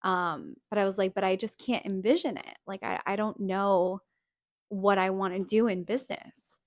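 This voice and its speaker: A woman's voice: mid-range voice, moderate pace, dry recording, studio quality. A young adult woman hosting a podcast, telling a personal story in a chatty way full of fillers. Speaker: podcast host.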